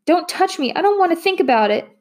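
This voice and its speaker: Storybook role: a terrified young girl, high and tearful, as a woman puts her on. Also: normal speed. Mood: panicked. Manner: high wailing pleas.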